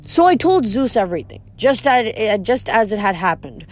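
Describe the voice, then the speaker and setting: Woman reader, steady first-person audiobook read, faint music bed. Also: medium pitch, moderate pace. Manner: steady first-person storytelling with small slips. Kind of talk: reading a novel aloud.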